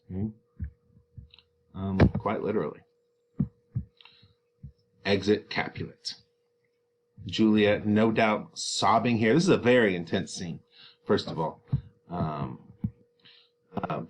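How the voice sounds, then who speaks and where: A man's voice: on the low side, a little hiss or hum. Conversational man teaching a play. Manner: conversational, many ums, paraphrases in plain words. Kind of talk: explaining a play to students.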